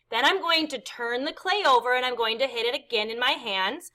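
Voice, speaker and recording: High bright-voiced art teacher. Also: female voice, a little fast, hardly any pauses, slight background noise. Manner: patient, step-by-step, counts aloud and makes meow sounds. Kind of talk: instructional demonstration.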